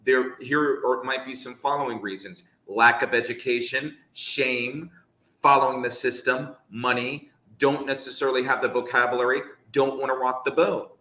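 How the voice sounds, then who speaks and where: A man in his fifties hosts a live talk, his voice bright and forceful. He repeats himself for emphasis and argues with conviction. The room is echoey. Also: mid-range voice, fairly even intonation, normal speed. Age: 50s. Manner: passionate, emphatic, repeats points for effect. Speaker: show host. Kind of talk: live discussion.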